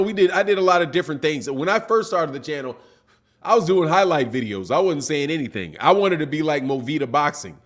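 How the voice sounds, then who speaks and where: Middle-aged man, high voice, animated slangy boxing streamer who needles viewers. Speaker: boxing channel host. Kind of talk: livestream commentary with chat shout-outs.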